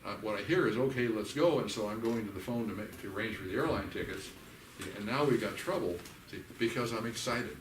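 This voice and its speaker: An older man leading a church workshop. He teaches in a folksy, animated way and acts out the voices of the people he quotes. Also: lowish voice, quick pace, slight background noise. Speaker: workshop leader. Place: church hall. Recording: echoey hall recorded from a distance.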